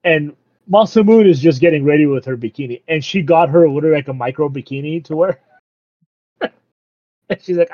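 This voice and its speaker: A man casually recapping a show, laughing often and acting out the characters' lines in quick asides. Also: on the high side, lively intonation, a little mellow, dry recording. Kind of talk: casual chat recapping an anime. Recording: dull lo-fi dry recording.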